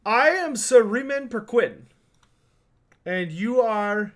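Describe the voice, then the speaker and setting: Man voicing a cocky boy knight, high voice, haughty and bossy. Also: animated, slow pace, a bit bright, full character voice. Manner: haughty, commanding. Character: arrogant teenage male human knight, boastful.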